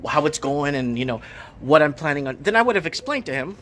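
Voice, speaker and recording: This thirties-aged man, who owns a shop and vlogs, delivers a casual, exasperated rant from his store mid-renovation, wandering and saying the same things again. He talks fairly quickly in a somewhat high, slightly bright voice with big swings in pitch, over slight background noise.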